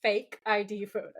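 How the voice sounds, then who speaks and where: A woman co-hosting a podcast, casually recapping a TV episode, swearing freely and acting out quoted lines. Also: mid-range voice. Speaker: podcast co-host.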